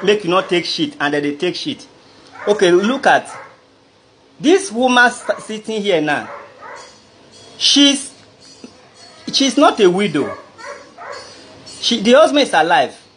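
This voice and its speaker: A high-pitched man with a fairly bright tone and a Nigerian Pidgin English accent airs a personal grievance to camera. As a vlogger, he rambles indignantly and speaks directly to the viewer. Slight background noise sits under his voice.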